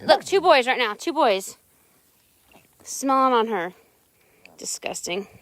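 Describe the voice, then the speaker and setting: A woman's voice: fairly high pitch, animated, slow. A woman chatting casually on a live stream outdoors on her ranch, talking sweetly to her animals.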